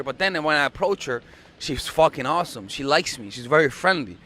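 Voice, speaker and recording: A man's voice: fairly high pitch, expressive, a little fast, pushed and bright. A young man giving casual dating advice, blunt and profane, repeating himself for emphasis. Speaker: dating coach.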